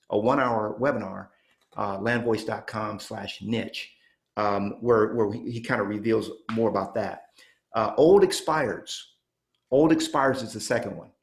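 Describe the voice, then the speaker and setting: A man in his fifties giving an energetic real estate coaching talk, punching points and checking in with "okay?". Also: medium pitch. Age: 50s. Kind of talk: motivational training talk.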